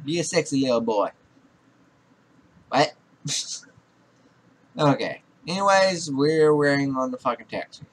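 Animated but measured, this young man speaks at a medium pitch and leaves long pauses. He's a gaming YouTuber giving profane Let's Play commentary, audibly exasperated, swearing a lot and scolding the characters he's controlling.

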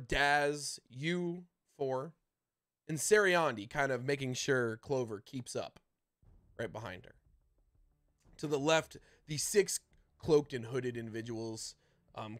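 A man narrating a tabletop game as dungeon master, describing scenes with lively swings in loudness. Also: mid-range voice, no room sound.

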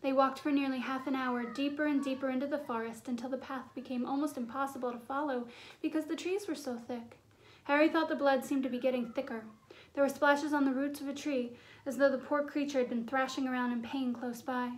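A woman narrating a fantasy novel as an audiobook, in a measured, suspenseful storytelling manner. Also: high-pitched, fairly even intonation. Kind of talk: storybook reading.

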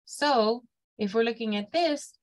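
A woman's voice: a little high, unhurried, rough recording. A woman lecturing a college math class, explaining step by step and checking in with "okay?" after each point. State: has the hiccups. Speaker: math instructor.

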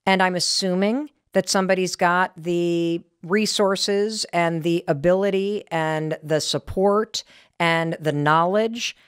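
A middle-aged woman with an American accent, hosting a podcast and telling a candid story in an animated way. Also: fairly low pitch, clean tone, dry recording, clean studio sound. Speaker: podcast host. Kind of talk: motivational podcast talk.

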